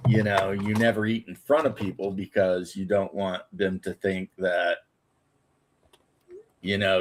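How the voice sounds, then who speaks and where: A man's voice: on the low side, a little hiss or hum. A man chatting casually on a video call, rambling and hesitating as he talks. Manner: rambling, hesitant, with many fillers. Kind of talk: casual chat.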